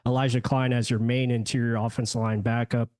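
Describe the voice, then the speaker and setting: A man appearing as a podcast guest, giving measured analysis of a team's roster with some hedging. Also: mid-range voice, little pitch movement, a little mellow, dry recording. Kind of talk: casual sports analysis.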